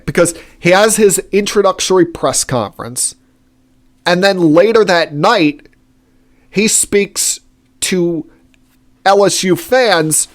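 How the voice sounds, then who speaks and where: A male sports-talk podcaster delivering an opinionated, indignant monologue. His voice sits a little high, and he takes his time, filling pauses with frequent "uh"s as he builds each point. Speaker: podcast host.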